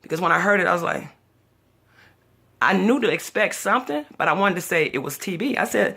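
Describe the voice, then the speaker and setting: Gravelly-voiced woman telling a dramatic story. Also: fairly low pitch, animated, a little fast, bright, forceful tone. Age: older. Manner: dramatic, chatty, acts out voices in her stories. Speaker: vlogger. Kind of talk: casual storytelling vlog.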